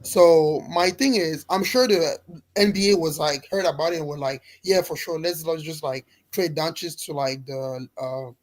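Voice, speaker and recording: A man's voice: a little high, normal speed. Rambling man in a casual chat. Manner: rambling, heavy on fillers like "like" and "bro". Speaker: panel guest.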